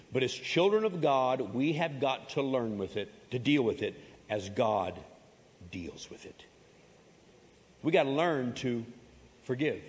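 A man's voice: mid-range voice, lively intonation, measured pace, pauses often. Emphatic male pastor in a reverberant hall. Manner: emphatic, repeats key phrases, folksy humorous asides. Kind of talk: sermon. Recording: long reverb of a large hall.

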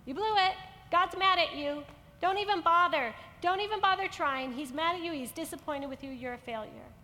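A woman's voice: extremely high pitch, normal speed, pushed and bright, long reverb tail. A woman voicing a sneering male devil who accuses and scorns. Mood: taunting.

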